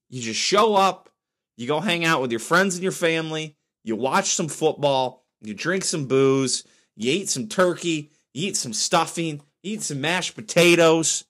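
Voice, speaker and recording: A podcast host in his thirties rants bluntly on his solo show, getting fired up over his opinions. His voice is on the low side, with a pushed, bright quality.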